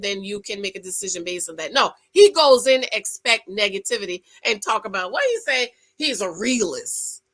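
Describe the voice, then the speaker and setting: Sassy, bright-voiced woman vlogger. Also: fairly high pitch. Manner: sassy, animated, talks straight to viewers. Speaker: reality TV recap vlogger. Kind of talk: casual recap commentary.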